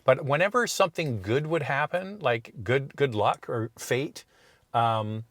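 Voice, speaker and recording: A man's voice: medium pitch, a little slow, fairly bright tone, no echo. A man co-hosting a car show, telling a rambling story in casual chat with plenty of asides and restarts.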